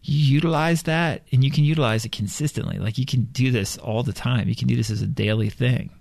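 A man's voice: medium pitch, brisk, vocal fry, darkish tone, dry recording. A man giving a motivational self-help monologue, speaking in a blunt, profane, irreverent and emphatic way.

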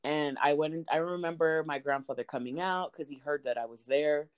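A woman telling family stories in a casual podcast chat, animated and swearing, acting out the people she quotes. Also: deep voice, fairly quick, clean tone. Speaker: podcast co-host.

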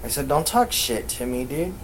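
A man casually telling a ghost story on a podcast, swearing constantly and rambling, acting out quoted lines louder. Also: medium pitch, very animated, moderate pace, a little hiss or hum, rough recording. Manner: profane, rambling, acts out quotes loudly. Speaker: podcast co-host.

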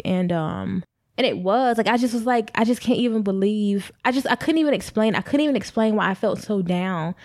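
A woman's voice: medium pitch, fairly quick, a little mellow, dry recording, studio quality. A young pregnant woman candidly telling a personal story to her viewers, rambling a little and speaking to them directly. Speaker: vlogger.

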